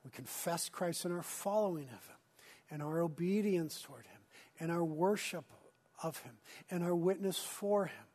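A man preaching a sermon as pastor, earnest, moving between urgent emphasis and hushed near-whispers. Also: fairly high pitch, moderate pace.

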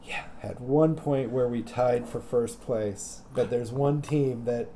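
Man guest, very dark mellow voice, hesitant, faint hiss behind. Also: mid-range voice, takes it slowly. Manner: thoughtful, hesitant, many uh fillers. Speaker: podcast guest. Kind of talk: casual chat.

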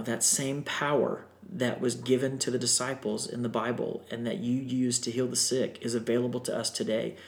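Male storyteller, animated and emotional, podcast guest, mid pitch, echoey room. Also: creaky. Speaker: guest singer. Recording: roomy echo.

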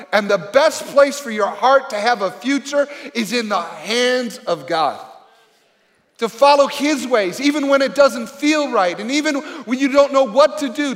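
A man's voice: extremely high pitch, fairly bright tone. A man preaching a sermon as a pastor, speaking earnestly and conversationally with rhetorical questions to the congregation. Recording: reverberant hall.

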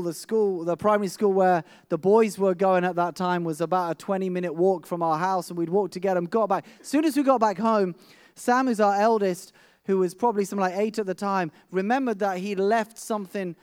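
A man's voice: high-pitched, fairly even intonation, fairly quick, darkish tone, clean tone, dry recording, clean studio sound. A middle-aged man preaching a sermon, telling a vivid personal story with frequent restarts.

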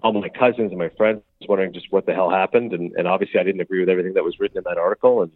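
Fast-talking man on a tinny phone line. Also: low voice, steady tone, dry recording. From Canada. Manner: talks fast, acts out quoted dialogue. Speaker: guest, sports broadcaster. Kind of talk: casual interview chat.

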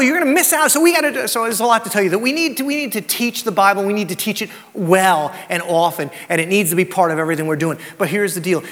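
High-voiced preaching man, reverberant hall. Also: fairly bright tone. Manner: conversational preaching with personal anecdotes and rhetorical questions. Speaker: pastor. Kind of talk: sermon. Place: church sanctuary.

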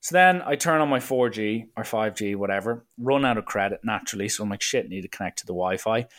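An Irish man telling a travel story in a casual, animated rant, exasperated and mocking, with some swearing. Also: lowish voice, fast talker.

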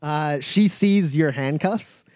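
A man's voice: a little high, slow pace, darkish tone, dry recording, studio quality. A man narrating a tabletop game as game master, loosely, with many fillers.

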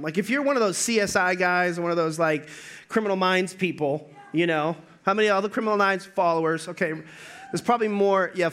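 High, bright-voiced joking male pastor. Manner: joking, storytelling, energetic. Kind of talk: sermon.

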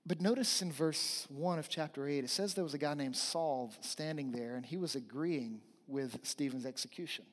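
A man's voice: fairly high pitch, normal speed, hardly any pauses, long reverb tail. A man preaching a sermon as pastor, earnest and emphatic, building points through repetition.

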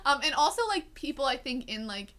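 A woman's voice: sits high, lively intonation, a little fast, sharp tone. A young adult woman co-hosting a casual vlog chat, speaking in a chatty way full of fillers. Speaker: vlog co-host.

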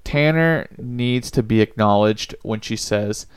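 A man's voice: lowish voice, a little slow, clean tone. A young man co-hosting a podcast, talking earnestly and rambling a little, acting out the lines he quotes. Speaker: podcast co-host. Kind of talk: casual chat.

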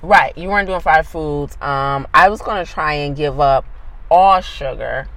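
A woman's voice: deep voice, a little slow, fairly bright tone, no echo, poor audio. A woman hosting a podcast and co-hosting it as founder, giving an upbeat promotional intro and then chatting casually.

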